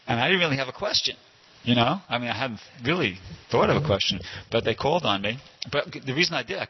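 An older man with a medium-pitched, slightly rough voice tells a rambling personal anecdote at a temple class. He digresses often, keeps circling back to correct himself, and the informal storytelling comes through a dull lo-fi recording.

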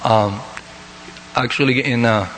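A man from South America gives a loose devotional talk, pausing often and restarting his sentences. His voice sits at a middling pitch and carries a long hall reverb, with faint ambient noise behind him. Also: fairly even intonation, fairly bright tone. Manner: hesitant, many fillers and restarts. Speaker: devotional speaker. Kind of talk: unscripted sermon.

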